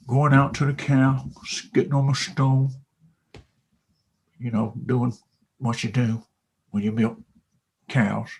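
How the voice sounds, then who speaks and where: Husky guy telling a sales story, slow and dramatic, swings hushed to loud. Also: medium pitch. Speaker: motivational storyteller. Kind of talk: animated retold sales story.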